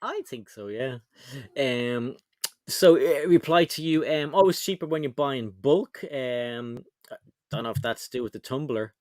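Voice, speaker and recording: A man runs a casual livestream chat, reading out viewers' comments in a chatty way. His pitch jumps around with a lot of life. The sound is dry and close. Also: lively intonation, measured pace, darkish tone, no room sound. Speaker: livestream co-host.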